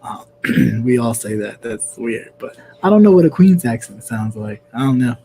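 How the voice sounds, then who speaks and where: A man from New York hosting a casual chat stream, rambling with lots of fillers and frequent throat-clearing. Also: mid-range voice, expressive, moderate pace, warm tone, a little hiss or hum. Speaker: host.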